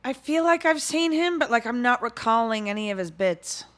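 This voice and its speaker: A woman's voice: fairly high pitch, expressive, normal speed, a bit bright. A woman co-hosting a casual podcast from a living room, teasing and tossing in dry quips. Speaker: podcast co-host.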